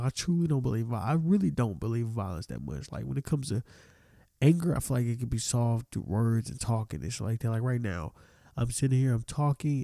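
A man's voice: mid-range voice, creaky, dark tone, no echo. Male podcast host, solo rant, profane and heated, dry close sound. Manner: profane, heated venting with restarts.

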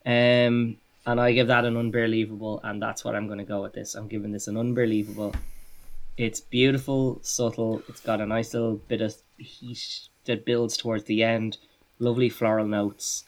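A man's voice: on the low side, little pitch movement, moderate pace. An Irish man co-hosting a podcast, reviewing beer in casual chat with enthusiastic, rambling talk. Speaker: podcast co-host.

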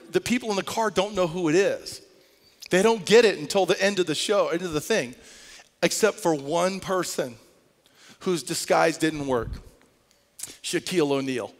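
A man preaching a sermon as pastor, telling a story with lively energy that climbs to near-shouts. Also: high voice, gravelly, long reverb tail. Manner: animated storytelling, rising to shouts. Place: church sanctuary.

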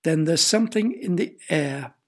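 A man voicing a helpful, clever male weatherman in a children's story, explaining things in a calmly knowing way with a gravelly, husky voice. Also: fairly high pitch, moderate pace.

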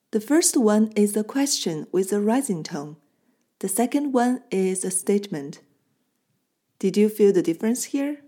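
A woman teaching a language lesson from a script. She explains clearly and patiently and slows down for example phrases. Her voice is mellow and warm, at a mid pitch. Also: animated.

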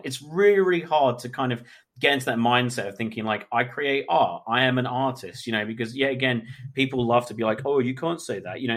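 A man, a photographer, talking candidly in a casual interview, animated and swearing freely. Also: medium pitch. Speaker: photographer guest.

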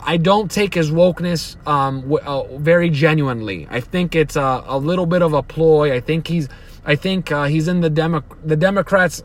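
A young man delivers a solo podcast rant, his voice sitting slightly high. He swears freely, trips over restarts and circles back on his points as his temper rises. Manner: profane, heated, rambling with restarts. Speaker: podcast host. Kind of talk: opinionated solo podcast monologue.

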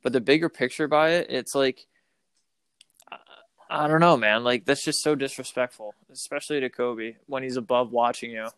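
Smooth-voiced male co-host, hesitant, frustrated, casual sports talk, dry mic. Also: mid-range voice, a bit bright, no echo. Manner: hesitant, halting, frustrated, lots of "like" and "I don't know". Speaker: podcast co-host, coach.

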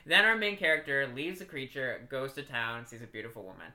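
A woman's voice: a bass voice, sing-song, brisk, pushed and bright. A woman co-hosting a podcast, retelling a folk tale in a casual, giggly, rambling way. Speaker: podcast co-host.

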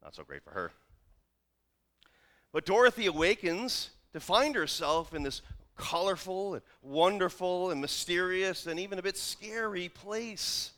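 A man's voice: high-pitched, sing-song, measured pace, fairly bright tone. A male pastor preaching a sermon, retelling a familiar film story with wry humorous asides.

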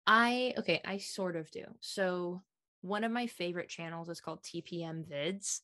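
A young woman, a podcast guest, chatting casually and excitably with lots of fillers. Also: on the low side, normal speed, dry recording.

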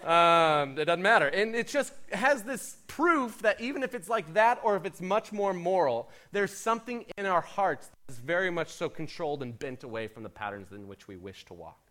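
A man pastor preaching a sermon in an animated, conversational way with playful asides. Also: sits high, moderate pace, few pauses.

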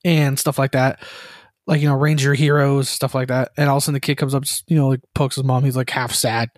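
A man co-hosting a casual gaming podcast, telling animated stories and acting out quotes. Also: medium pitch, quick pace, no room sound, clean studio sound. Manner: storytelling, animated, acts out quotes, laughs. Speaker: podcast co-host. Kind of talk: casual chat.

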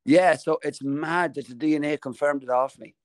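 An Irish man co-hosting a casual podcast chat, telling stories with animated energy and jumping high in pitch when amazed. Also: moderate pace, dry recording. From Ireland. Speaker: podcast co-host.

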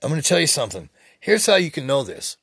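Man, sixties, podcast host, preachy spiritual rant, gravelly, dry close sound. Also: fairly high pitch, very animated, quick pace, a bit bright, dry recording. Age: 60s. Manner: rambling, preachy and profane. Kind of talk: spiritual motivational monologue.

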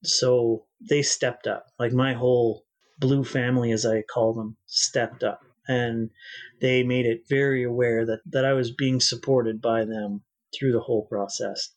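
A man's voice: medium pitch, fairly even intonation, unhurried. A man, a guest in an interview, recounting his experience earnestly and reflectively, often restarting his sentences. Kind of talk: personal storytelling in an interview.

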